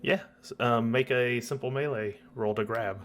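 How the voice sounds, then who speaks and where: A man running a tabletop game as game master, narrating in a relaxed, rambling way. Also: mid-range voice, moderate pace.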